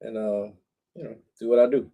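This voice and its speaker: Broadcasting from a cold shed in his backyard, this middle-aged livestream host chats loosely with his audience, full of slang and fillers. He talks briskly in a lowish, steady voice with a warm quality.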